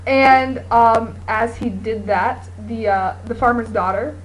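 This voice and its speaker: A woman's voice: fairly high pitch, takes it slowly, heavy background noise. A young woman co-hosting a homemade video, improvising a silly story in a rambling, giggly way. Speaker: video co-host.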